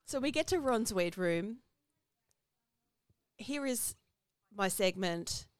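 A woman's voice: mid-range voice, lively intonation, slow pace, no room sound, clean studio sound. A woman co-hosting a podcast, chatting casually as she recaps a film's plot. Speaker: podcast co-host. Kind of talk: casual movie discussion.

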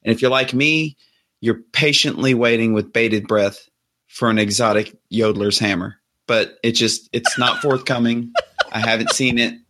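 A man's voice: medium pitch, moderate pace, bright, forceful tone. A man co-hosting a casual gaming podcast, reading a short intro and then joking around. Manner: playful, reads scripted intros then jokes. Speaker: podcast co-host.

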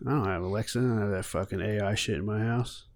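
A man's voice: fairly low pitch, fairly even intonation, fast. A man co-hosting a casual chat, joking, swearing freely and laughing easily.

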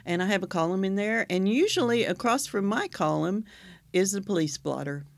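A man's voice: sits high, animated, moderate pace, gravelly, no echo, studio quality. A man from Oklahoma co-hosting a casual podcast, chatty and explaining at length with frequent laughs. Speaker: podcast co-host. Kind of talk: casual chat.

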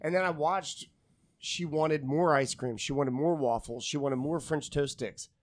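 A man's voice: fairly high pitch, unhurried, no room sound. A man, a podcast guest, telling profane stories in casual banter and laughing often. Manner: animated storyteller, laughs often, swears a lot.

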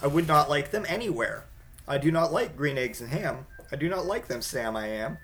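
A man reading aloud as a grumpy, stubborn man who keeps refusing, in a flat sing-song picture-book cadence. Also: on the high side, moderate pace, slight background noise. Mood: stubborn refusal.

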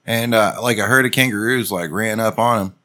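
A man's voice: fairly low pitch, a little fast, sharp tone. A man in casual banter, telling stories and dropping dry, crude jokes.

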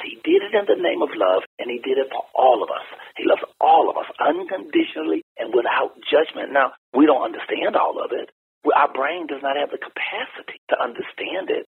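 An older man with a gravelly, raspy voice speaks over a tinny, phone-like line. He talks bluntly and folksily, leaning hard into words with big rises in pitch the way a preacher does. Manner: animated, preacher-like emphasis with wide pitch swings; folksy and blunt, laughs while talking. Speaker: interview guest. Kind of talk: candid conversational storytelling.

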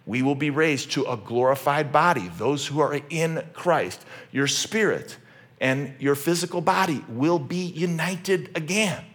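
Man preaching a sermon, high bright voice, animated and sarcastic, shouts then talks casually. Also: unhurried. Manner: conversational, with frequent restarts. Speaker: pastor.

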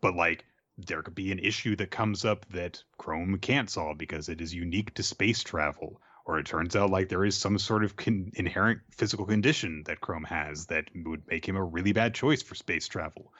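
A man's voice: deep voice, normal speed, fairly bright tone, no echo, dull audio. A man co-hosting a casual chat who muses aloud and hedges often with fillers. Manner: rambling, hedging with fillers. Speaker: podcast co-host.

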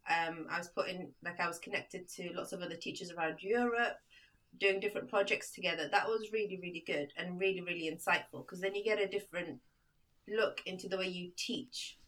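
Woman teacher, thirties, casual interview guest, bright lively storytelling, a little off-mic. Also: fairly low pitch, brisk, recorded from a distance. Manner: animated storytelling, acts out quotes. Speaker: podcast guest, primary school teacher. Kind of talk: casual chat.

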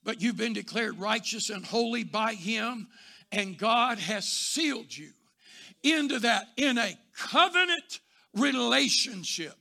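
A man preaching a sermon, telling stories and rising to shouts before dropping soft. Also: very high-pitched, gravelly. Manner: builds to shouting, then drops soft. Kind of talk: sermon with storytelling.

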